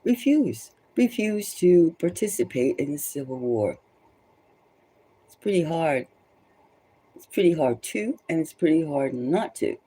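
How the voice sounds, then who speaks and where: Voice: medium pitch, very animated, a little slow, long pauses, warm tone, slightly rough. A tarot reader giving rambling spoken commentary, emphatic and loose, often repeating phrases for stress. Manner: loose and conversational, many restarts.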